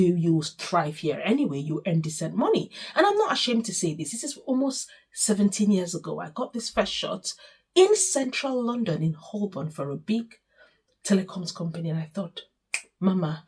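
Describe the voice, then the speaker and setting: Candid Nigerian woman, husky storyteller. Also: lowish voice, darkish tone. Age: 40s. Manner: candid, emotional, straight-talking. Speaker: vlogger. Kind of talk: personal storytelling to camera.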